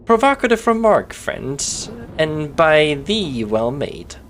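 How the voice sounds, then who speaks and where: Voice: mid-range voice, sing-song, slow, fairly bright tone, a little hiss or hum. A streamer putting on a stiff archaic landlord. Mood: stately. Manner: stiff old-fashioned thee-and-thou speech, drawn out. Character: formal archaic-speaking landlord demanding paperwork. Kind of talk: reading game character lines aloud on stream.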